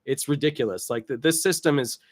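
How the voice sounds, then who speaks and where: A man's voice: mid-range voice, brisk. A man who works as a disability attorney, explaining rules in a casual, rambling way with jokey asides and restarts.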